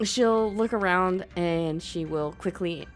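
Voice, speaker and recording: A woman's voice: lowish voice, takes it slowly, over loud music. A woman playing in a tabletop game, hesitantly describing her character's actions in the third person. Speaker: player.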